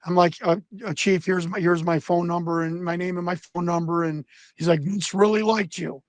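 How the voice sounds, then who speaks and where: Middle-aged man, high-pitched, swearing storyteller, dry close recording. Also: moderate pace, no room sound. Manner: profane, animated anecdotes with quoted voices. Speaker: guest storyteller. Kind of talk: casual storytelling.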